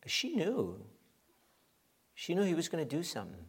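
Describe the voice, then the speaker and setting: Animated preacher man, slightly high voice. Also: normal speed, husky. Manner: animated preaching, acting out quoted voices, rising to emphatic peaks. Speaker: pastor. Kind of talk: sermon.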